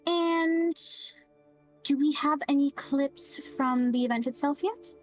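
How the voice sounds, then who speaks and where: A woman voicing a composed, politely brisk female investigator. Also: high-pitched, soft background music, voice pushed up. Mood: poised.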